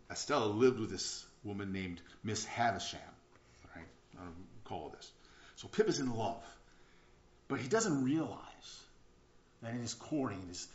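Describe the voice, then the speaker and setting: A man preaching a sermon in an earnest way, often repeating words and restarting, swinging between loud and hushed. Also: on the low side. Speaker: pastor. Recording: roomy, slightly dull sound.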